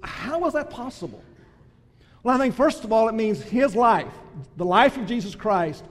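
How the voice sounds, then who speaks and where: Guy preaching, high voice, loud build-ups then quiet bits, big echoey hall. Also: animated, moderate pace. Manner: builds to loud emphatic crescendos, then drops soft. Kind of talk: sermon.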